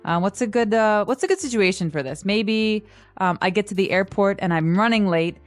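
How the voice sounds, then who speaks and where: A woman co-hosting an English lesson podcast, explaining everyday phrases with examples and acting out sample lines with lively inflection. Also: mid-range voice, a little fast, soft background music. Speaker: co-host and English teacher.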